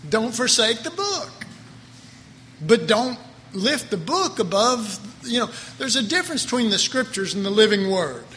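A Bible teacher preaches a Bible class as a sermon, folksy and conversational, with chuckling asides. His high voice is sing-song, bright, and forceful, moving at a measured pace. The sound is that of a big room, with a little hiss or hum.

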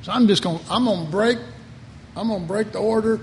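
A man's voice: high voice, quick pace, darkish tone. A man doing a huffy, fed-up God. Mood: annoyed. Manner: huffy, exasperated. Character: irritated male God figure, fed-up punisher. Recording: reverberant hall, faint ambient noise.

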